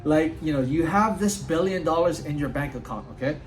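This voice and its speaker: A man's voice: a little high, fairly quick, slight background noise, poor audio. A man giving an earnest, casual motivational talk outdoors at home, often saying "dude" and "like". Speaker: motivational vlogger.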